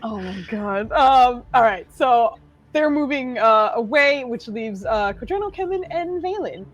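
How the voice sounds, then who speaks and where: Gal running a home dnd stream, kinda high voice, bouncy, lots of ums and laughs. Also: female voice, lively intonation, measured pace, no echo. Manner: chatty, full of fillers and laughter. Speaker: dungeon master. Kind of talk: narrating a tabletop game.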